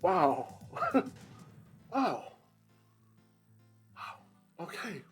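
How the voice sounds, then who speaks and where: A man with a mid-range voice chats slowly and easily while he speedruns on stream. His speech is loose and full of filler words. Soft music plays in the background. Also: medium pitch. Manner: slow, relaxed, chatty with many fillers. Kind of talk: casual livestream chat.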